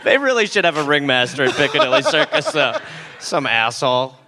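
A man's voice: on the high side, huge pitch swings, brisk, vocal fry, sharp tone. A man co-hosting a live comedy podcast, tossing in sarcastic, jokey interjections. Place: live show on stage.

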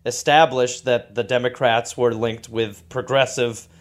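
A man co-hosting a comedy podcast, reacting to the story with incredulous, sarcastic remarks and halting restarts. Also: medium pitch, level tone. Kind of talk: casual comedic podcast banter.

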